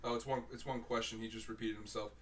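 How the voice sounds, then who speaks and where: A man's voice: lowish voice, level tone, fast, a bit bright, slight background noise. Laid-back man co-hosting a live stream. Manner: laid-back, says bro and man a lot. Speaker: podcast co-host. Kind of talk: casual live-stream chat. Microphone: video call.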